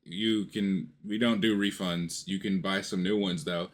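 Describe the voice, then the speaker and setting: A man briefly voicing a busy woman shopkeeper, rushed and dismissive. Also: deep voice, fairly even intonation. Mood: brusque.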